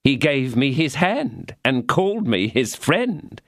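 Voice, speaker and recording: A man's voice: medium pitch, sing-song, takes it slowly, no room sound, voice pushed up. A pompous, greedy middle-aged shopkeeper, as a man reads him, smug but cowardly. His voice rises a little and swings widely as he parrots grand phrases. Dry, close audiobook sound.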